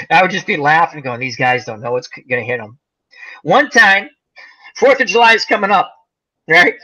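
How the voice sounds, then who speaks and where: A man's voice: fairly high pitch, big pitch swings, normal speed, pushed and bright, highs cut off. A man hosting a casual chat, telling rambling stories with lots of fillers. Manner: rambling storyteller, many fillers. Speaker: host.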